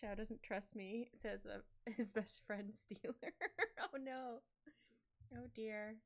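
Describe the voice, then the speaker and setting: This livestreaming artist talks casually while drawing at home, wandering through stories and giggling along the way. She speaks slowly in a mid-range voice with a steady tone, over gentle background music.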